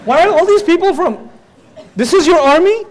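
A man voicing a brash, scornful male tribal envoy who scolds and mocks loudly. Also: very high-pitched, expressive, normal speed, pitched above the performer's own voice. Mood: scoffing. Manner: loud scolding, mocking.

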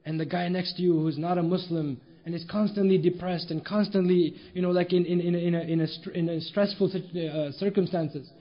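A man's voice: high voice, steady tone, fairly quick, few pauses. A man preaching a sermon with emphatic rhetorical questions and storytelling. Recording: dull lo-fi recording.

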